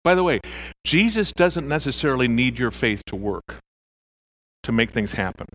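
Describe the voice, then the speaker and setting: A man preaching a sermon as pastor, animated, acting out the voices in his stories. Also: medium pitch, normal speed.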